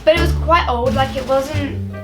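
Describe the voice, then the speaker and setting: Background music plays as a high-voiced young woman chats through a personal story for her vlog at normal speed. Her casual storytime wanders, and she uses "like" constantly.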